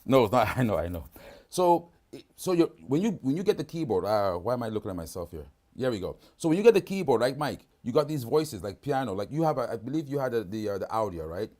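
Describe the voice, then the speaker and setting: A man's voice: mid-range voice, big pitch swings, fast, a little mellow. A man hosting a live product demonstration over a video call, talking casually and often checking in with "right?". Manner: casual, keeps asking "right?".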